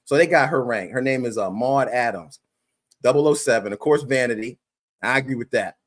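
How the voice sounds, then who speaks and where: A man co-hosting a reaction show in casual, profane, animated chat, laughing often. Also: medium pitch, fairly quick. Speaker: co-host of a reaction channel.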